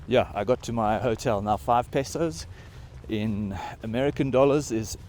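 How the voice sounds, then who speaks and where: A man's voice: medium pitch, moderate pace, a little mellow, a little hiss or hum. Breathless South African man vlogging on a hike. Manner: rambling, loose, lots of fillers. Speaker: travel vlogger. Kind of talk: casual vlog chat while hiking. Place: outdoors on a high mountain trail.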